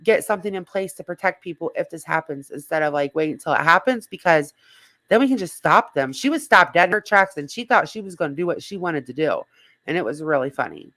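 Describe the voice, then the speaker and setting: A slightly hoarse woman hosting a casual livestream, rambling and greeting viewers in the chat by name. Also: low-pitched, expressive, fast talker, a bit bright, dry recording. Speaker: livestream host.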